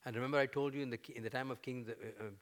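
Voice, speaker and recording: A man preaching a sermon, conversational with fillers, building to loud, emphatic peaks as he voices prayers. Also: mid-range voice, steady tone, racing. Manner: fillers and restarts, conversational teaching.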